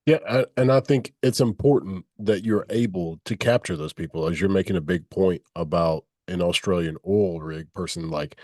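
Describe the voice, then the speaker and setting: A man's voice: sits low, moderate pace, few pauses, a little mellow, no echo, studio quality. A man hosting a podcast, speaking reflectively in loose, rambling phrasing. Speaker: podcast host. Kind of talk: conversational interview.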